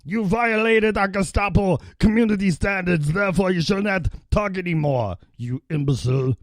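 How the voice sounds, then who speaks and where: A man's voice: sits high, normal speed, dry recording, studio quality, voice pushed up, natural voice. A man voicing a pompous male social media censor who scolds in a mocking, officious tone. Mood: mock stern.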